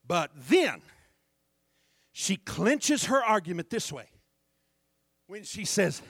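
A male pastor delivering a fervent sermon in a high, bright, ringing voice. He takes his time, calling on the congregation to answer back. The sound is close and dry. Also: sing-song, unhurried, pauses often, no room sound. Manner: fervent preaching, calls out to congregation for responses.

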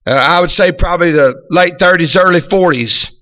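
Man, revival preacher, bright ringing tone, smooth voice, amen after amen. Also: high voice, normal speed, dry recording. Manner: peppers lines with amen and hallelujah, rises to shouts. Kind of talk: fervent revival sermon.

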